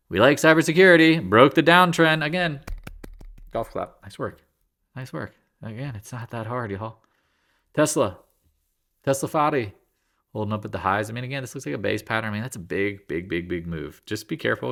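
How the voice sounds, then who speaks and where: A man giving a casual, jokey daily stock market recap, full of slang and quick asides. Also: mid-range voice, a bit bright. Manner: loose, jokey, slangy, tosses in silly voices; talks in quick asides and restarts. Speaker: market commentator.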